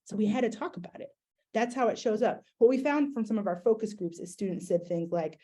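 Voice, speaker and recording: Mellow-voiced woman giving an educator's talk. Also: mid-range voice, brisk. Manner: conversational, many fillers and restarts. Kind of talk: conference talk presentation.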